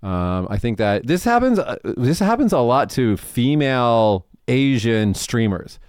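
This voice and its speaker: A man's voice: medium pitch, big pitch swings, unhurried, a little mellow, clear, resonant tone, no echo, studio quality. A man co-hosting a podcast in casual chat, blunt and rambling, swearing freely. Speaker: podcast co-host.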